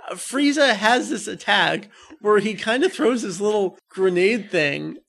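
A young man co-hosting a podcast, chatting excitedly about a video game, quick to laugh. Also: sits high, gravelly. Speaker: podcast co-host. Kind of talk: casual review chat.

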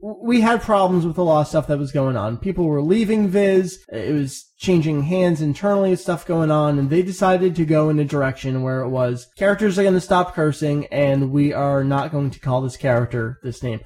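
A man hosting a casual podcast, talking quickly with jokey asides. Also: fairly high pitch, a little mellow. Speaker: podcast host. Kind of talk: casual chat.

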